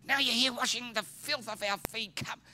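A man acting out an outraged disciple who shouts and pleads in a high strained voice. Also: very fast, slight background noise, full character voice. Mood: shouting. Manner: shouting, high-pitched, frantic. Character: outraged apostle Peter, loud and pleading.

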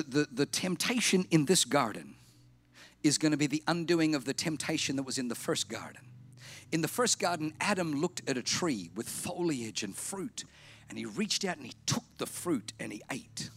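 A man preaching a sermon, emphatic and repetitive, slowing down and softening for effect. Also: mid-range voice, breathy edge. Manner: emphatic, repetitive, drops to slow quiet lines for effect. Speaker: pastor.

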